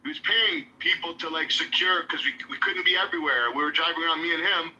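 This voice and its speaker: A man's voice: fairly high pitch, steady tone, fast, bright, forceful tone, lo-fi sound. A man telling a long, profane story in casual chat, full of fillers and quoted voices.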